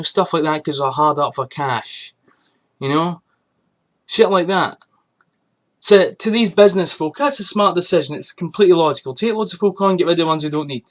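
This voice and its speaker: A young man rants into the camera, heated and profane, voice pitched a touch high for a man. He swears freely and presses each point hard. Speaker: vlogger. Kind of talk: angry ranting monologue.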